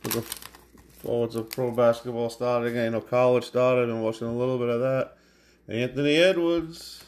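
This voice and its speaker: A man's voice: medium pitch, fairly even intonation, normal speed, darkish tone. A man hosting a card break, calling out card names one at a time as he opens packs. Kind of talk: live card-break commentary. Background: crinkling and tearing of packs.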